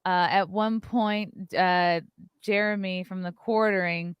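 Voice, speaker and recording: A woman's voice: on the low side, steady tone, slow pace, clear, resonant tone, no echo, muffled recording. A woman hosting a casual commentary show, chatting loosely and swearing now and then while playing clips.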